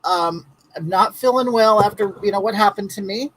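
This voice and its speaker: A woman's voice: mid-range voice, moderate pace, a bit bright, rough recording. A woman hosting a comedic live stream, chatting in a campy way and greeting viewers by name.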